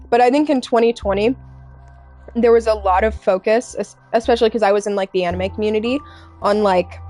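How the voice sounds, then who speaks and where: A woman's voice: mid-range voice, a little mellow. Hesitant young woman streamer, faint music. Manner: halting, hesitant, many fillers and restarts; candid and earnest. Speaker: live streamer. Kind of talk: casual chat with stream viewers.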